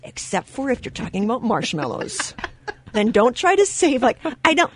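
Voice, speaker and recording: A woman hosting a radio talk show in a studio, telling stories with lively quoted voices and frequent laughter. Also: a little high, moderate pace, a little hiss or hum. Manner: animated storyteller, acts out quoted voices; laughs often mid-sentence. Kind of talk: casual radio chat.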